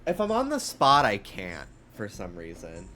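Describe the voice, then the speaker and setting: A young streamer with a faint New York accent rambles casually with his live chat, animated and full of fillers. His voice sits on the low side and runs a little slow, with a bit of hiss or hum in the recording.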